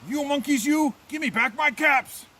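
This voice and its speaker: A man reading a storybook aloud, voicing an angry cap peddler who scolds and shouts. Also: very high-pitched, normal speed, pitched above the performer's own voice.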